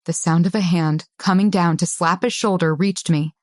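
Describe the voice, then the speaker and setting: A woman narrating an audiobook in a tense, measured first-person style. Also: lowish voice, fairly even intonation, a little mellow, dry recording, clean studio sound.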